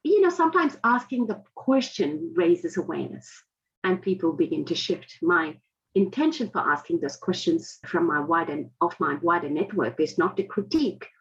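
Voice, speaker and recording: A woman in her forties, speaking with an Indian-heritage accent that has softened into Australian tones. Her voice sits low with a gravelly fry, and she talks in an earnest, emphatic, reflective way. The audio is dull and lo-fi. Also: big pitch swings, moderate pace. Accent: Indian-heritage, adapted to Australian. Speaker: interview guest. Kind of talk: conversational interview storytelling.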